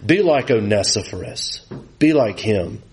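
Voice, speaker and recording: A man, preaching a sermon with animated, rising emphasis that drops low and quiet for scripture. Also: unhurried. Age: 40s.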